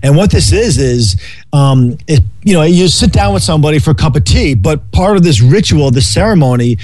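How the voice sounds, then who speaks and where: A man's voice: fairly high pitch, lively intonation, a little fast, a little mellow, no room sound. A man casually riffing on life and happiness, rambling and swearing freely, laughing often. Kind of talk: casual philosophical chat.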